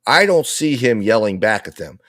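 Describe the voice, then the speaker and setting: Low-voiced man giving trial commentary. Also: very animated, moderate pace, fairly bright tone, no echo, clean studio sound. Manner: argumentative, repetitive, restating the other side's case. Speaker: legal commentator.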